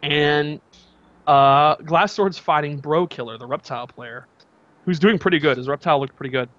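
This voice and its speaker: A man casually telling a story on a podcast, animated and imitating others with loud outbursts. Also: fairly high pitch, normal speed, no room sound, muffled recording. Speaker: podcast co-host.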